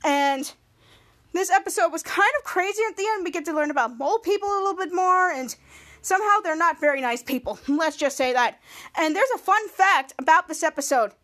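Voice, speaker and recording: A woman hosting a podcast, recapping a TV episode in a casual, excited way and acting out the characters' lines. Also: very high-pitched, a little fast. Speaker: podcast host.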